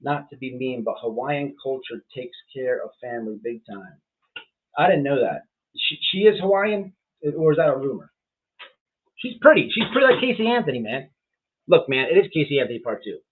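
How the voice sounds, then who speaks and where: A man's voice: medium pitch, very animated, moderate pace. Rambling man on a tinny, phone-like line. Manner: rambling, full of fillers and restarts; blunt and profane. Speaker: livestream host. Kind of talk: casual livestream commentary reading chat.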